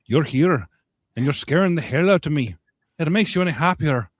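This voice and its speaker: A man voicing a frightened man with a put-on Irish accent, in a loud, pushed delivery. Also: fairly high pitch, expressive, moderate pace, no room sound, clean studio sound. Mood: scared. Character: frightened young man, talks to a strange typewriter.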